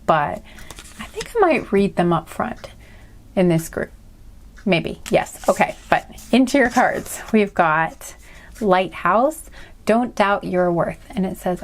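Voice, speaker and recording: A woman giving a casual tarot card reading, chatty and rambling, often apologizing and laughing at herself. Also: medium pitch. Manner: rambling, apologetic, self-deprecating. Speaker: tarot reader.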